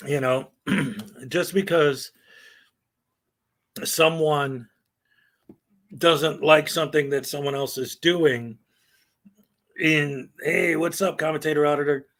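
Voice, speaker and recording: A middle-aged man talks through a live stream with a voice that sits a little high for a man. He rambles and gives strong opinions, drops fillers and short laughs, and runs his sentences together. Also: steady tone, takes it slowly, long pauses, a bit bright. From United States.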